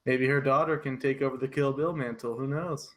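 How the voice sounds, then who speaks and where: A man's voice: mid-range voice, fairly even intonation, brisk, a bit bright, rough recording. Regular-voiced guy on a movie podcast, laid back, drops trivia. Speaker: podcast co-host. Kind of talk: casual film review chat.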